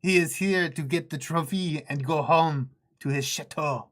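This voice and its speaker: A man's voice: fairly high pitch, a little slow, fairly bright tone, pitched above the performer's own voice. A man voicing a boastful, famous male French monster hunter in a put-on French accent, for a tabletop game character.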